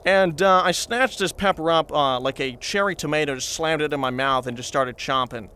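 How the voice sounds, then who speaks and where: A high-pitched man spins a long comic anecdote in character as a reporter. He meanders and chats straight to his viewers, full of asides and fillers. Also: normal speed, bright, forceful tone, clean tone. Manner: chatty, meandering, addresses viewers. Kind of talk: comedic rambling anecdote.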